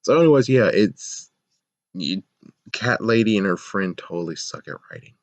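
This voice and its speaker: A man's voice: on the low side, lively intonation, moderate pace, no echo. Sarcastic ranting man reviewing episodes. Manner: ranting, sarcastic, laughs often, swears. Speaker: show reviewer. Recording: dull, lo-fi, dry sound.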